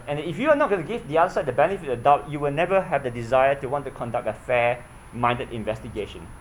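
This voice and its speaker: A man's voice: medium pitch, slight background noise, poor audio. A man preaching a sermon in an earnest way, often asking his listeners questions and repeating himself.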